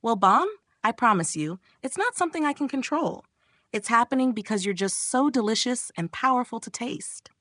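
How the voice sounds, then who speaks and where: A woman's voice: on the high side, lively intonation, moderate pace, a bit bright, no room sound, pitched above the performer's own voice. Woman doing a smug teasing young guy, cocky, dry close sound.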